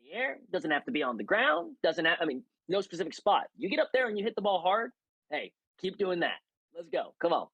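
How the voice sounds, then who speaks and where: A man's voice: sits high, big pitch swings, a little fast, a bit bright, breathy edge, dry recording. Emphatic male hitting coach, muffled audio. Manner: emphatic, coaching tone with filler restarts. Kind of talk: casual conversational interview.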